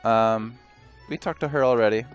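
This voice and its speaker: A man's voice: mid-range voice, normal speed, clean tone, faint music behind. A man rambling and joking through casual let's play commentary, often stopping and restarting mid-thought. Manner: rambling, self-interrupting, joking.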